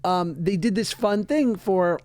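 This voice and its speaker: A man's voice: sits high, measured pace, clear, resonant tone, dry recording. A man in his thirties co-hosting a podcast, telling stories in casual chat and acting out voices of his kids. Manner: animated storytelling, acts out voices of his kids. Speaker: podcast co-host.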